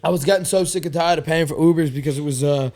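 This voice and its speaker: A young man telling a story in a casual podcast chat, animated and rambling, with a lot of swearing. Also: on the high side, fast talker. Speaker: podcast guest, fighter.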